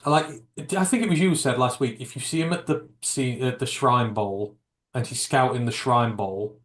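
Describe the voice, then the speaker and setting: A man's voice: mid-range voice, moderate pace, a bit bright. A man co-hosting a podcast, chatting casually about sport, his voice climbing when he makes a point. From United Kingdom. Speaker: podcast co-host. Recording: echoey room.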